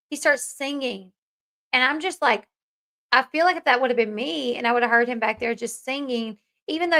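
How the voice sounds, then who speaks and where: A woman chats through casual commentary as a host, opinionated and conversational, answering viewer comments. Her voice is bright and a little high.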